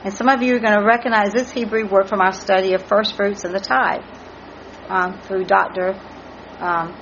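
A woman teaching a Bible study spells out Hebrew words letter by letter, earnest and at normal speed, in a steady mid-range voice with a fairly bright tone. The recording is muffled and lo-fi, with slight background noise and faint ambience.

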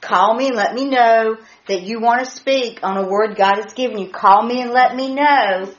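Animated woman teaching scripture. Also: fairly high pitch, moderate pace. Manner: animated, spells out words, laughs often. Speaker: Bible study teacher. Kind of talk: excited Bible study teaching. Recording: echoey muffled room audio.

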